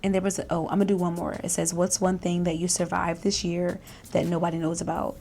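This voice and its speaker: Chatty woman with a gravelly low voice. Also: little pitch movement, quick pace, warm tone, a little hiss or hum. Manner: chatty, self-reflective, many fillers and restarts, laughs often. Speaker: vlogger. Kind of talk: casual reflective chat.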